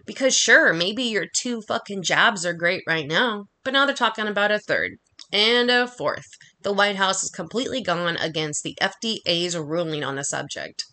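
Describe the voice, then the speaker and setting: A woman delivering an angry, profanity-laced monologue, talking fast and heatedly. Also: medium pitch, lively intonation, pushed and bright. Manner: heated, swearing constantly, rapid rant.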